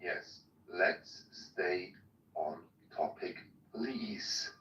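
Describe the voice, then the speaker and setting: A man moderating an online debate room, calmly asking people to stay on topic. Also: deep voice, extremely slow. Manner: calm, asks to stay on topic. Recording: echoey distant lo-fi audio.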